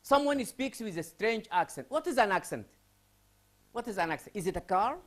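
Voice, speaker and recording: A man's voice: sits high, expressive, moderate pace, a bit bright. A man from Sudan lecturing a class on English writing, asking students questions and repeating key phrases.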